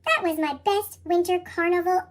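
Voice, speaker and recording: A reader voicing Froggy, an excitable frog boy, chipmunk-pitched. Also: moderate pace, very noisy. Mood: excited. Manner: excited, yelling. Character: cheerful young frog boy. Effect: sped-up chipmunk pitch shift.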